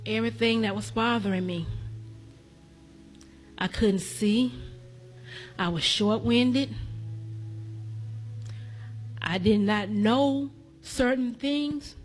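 A woman's voice: medium pitch, fairly even intonation, slow, pauses often, faint music behind. A woman preaching a testimony sermon as a church elder. She speaks to the congregation directly, repeating her lines in a rhythmic preaching cadence.

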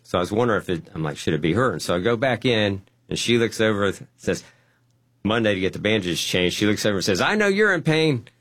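Male guest, low-pitched, telling a story with lively voiced quotes. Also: fast. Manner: animated, acts out dialogue. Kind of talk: testimony storytelling.

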